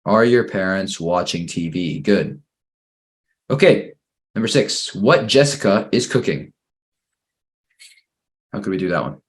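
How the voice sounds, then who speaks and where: Man, English teacher, fairly low voice, patient, encouraging, slow careful reading, online lesson for kids. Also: animated. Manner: patient, encouraging, reads exercises slowly and praises answers. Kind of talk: online grammar lesson for children.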